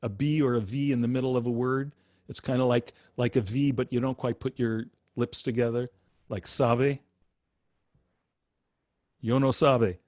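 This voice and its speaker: An older man teaching meditation over a video call, unhurried, with frequent fillers and restarts as he spells out and pronounces each syllable of a chant. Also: medium pitch, little pitch movement, dark tone, no room sound, clean studio sound.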